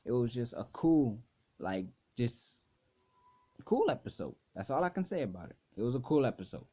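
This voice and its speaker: A man's voice: medium pitch, sing-song, normal speed, breathy edge. A young man casually recapping an anime episode in a rambling way, full of swearing and filler words. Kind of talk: casual video review recap. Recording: dull lo-fi recording.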